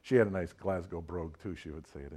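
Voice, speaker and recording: A man preaching a sermon in a relaxed, conversational way, often asking his listeners direct questions. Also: low voice, fast, slightly rough.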